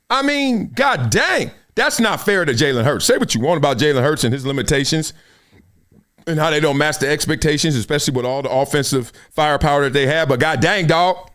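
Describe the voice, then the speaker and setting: A high-voiced man hosts a live sports talk show, giving opinionated commentary in a slangy, animated way and laughing often.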